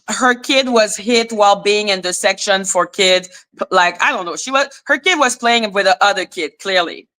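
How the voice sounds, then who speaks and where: A woman hosting a casual live stream, telling a gossip story in an animated, exasperated way and swearing freely. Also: mid-range voice.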